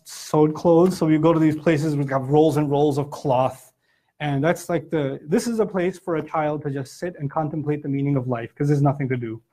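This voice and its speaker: A middle-aged man giving a Quran commentary lecture, telling stories and acting out the people he quotes. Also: fairly high pitch. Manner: animated storytelling, acts out quotes. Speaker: Islamic lecturer.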